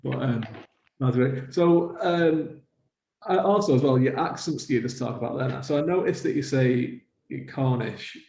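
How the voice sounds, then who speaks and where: A man's voice: medium pitch, normal speed, a little mellow. A man from England, hosting a chatty interview and affirming often. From northern England. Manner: chatty, affirming with frequent yeahs. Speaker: podcast host. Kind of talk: casual interview chat. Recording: roomy, dull-sounding call audio.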